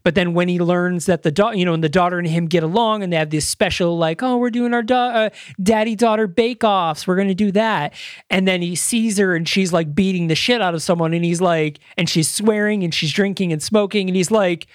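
A man's voice: high voice, brisk, few pauses, no echo, studio quality. A man co-hosting a podcast, chatting casually, rambling and enthusiastic with casual swearing. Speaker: podcast co-host. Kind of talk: casual chat.

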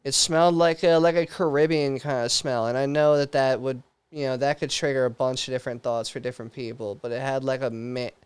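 A man co-hosting a podcast, talking in loose crude slang and tacking "dude" onto nearly every sentence. His voice is very clear and crisp. It sounds dry and close, with no room sound. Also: medium pitch, steady tone, brisk, few pauses, no room sound. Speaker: podcast co-host. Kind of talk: casual chat.

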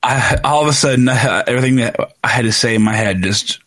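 Male podcast co-host, husky nasal voice with a lisp, rapid chatty delivery. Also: mid-range voice, a bit bright. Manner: fast-talking, laughs often. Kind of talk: casual chat.

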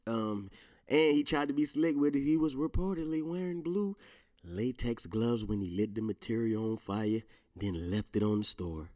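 A man's voice: medium pitch, animated, moderate pace, dark tone. Profane laughing man ranting as host. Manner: profane, laughing, emphatic rants; slang-heavy, addresses listeners directly. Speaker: podcast host. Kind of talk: casual solo commentary.

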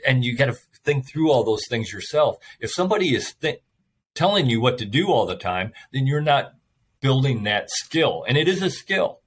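A man's voice: medium pitch, very animated, normal speed, a little hiss or hum. A man in a casual conversation, speaking emphatically and repeating his key points like a seasoned speaker to students.

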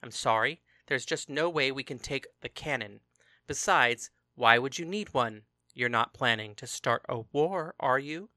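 A reader voicing a firm, practical man who speaks in a louder, stern manner. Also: medium pitch, a little slow, no echo, clean studio sound.

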